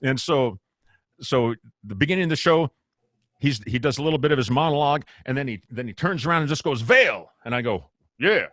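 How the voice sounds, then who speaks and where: A man being interviewed as a guest musician, telling stories in a lively, casual way, laughing often and acting out what people said. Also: medium pitch, fast talker, dry recording. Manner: animated, laughs often, acts out quotes. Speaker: guest bassist.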